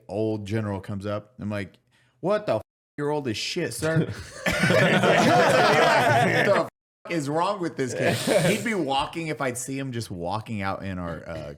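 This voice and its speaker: A man's voice: lowish voice, very animated, unhurried, fairly bright tone. Brash, crude man joking around. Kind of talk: casual chat.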